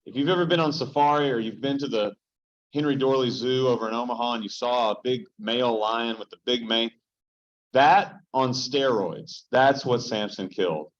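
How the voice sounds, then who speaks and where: A male pastor leads an informal Bible study, bantering with his group and acting out little stories as he goes. His pitch sits in the middle range for a man. The recording is dull and lo-fi. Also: normal speed. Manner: joking, animated storyteller who addresses the group directly. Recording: dull, lo-fi sound.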